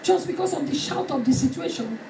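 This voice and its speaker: A woman preacher delivering a fervent sermon, shouting and acting out stories. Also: high voice, animated, fairly quick, gravelly, noisy background. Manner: fervent, shouting, dramatic retelling. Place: church hall. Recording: echoey hall from far off with music.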